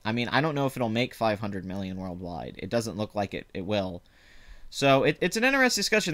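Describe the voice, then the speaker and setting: Southern guy w/ a bit of louisiana accent, smooth clear voice, mid pitch, chatty and rambly, laughs a lot. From Southern United States. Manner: rambling and animated, laughs easily, frequent restarts. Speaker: box office show host. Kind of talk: casual live chat about movie box office.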